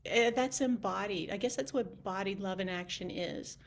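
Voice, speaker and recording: A woman speaks on a group video call in a casual storytelling style. Her pitch sits in the middle range. She is animated and acts out little quoted exchanges as she talks. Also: normal speed. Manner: animated, with quoted back-and-forth dialogue. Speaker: community team member and guest.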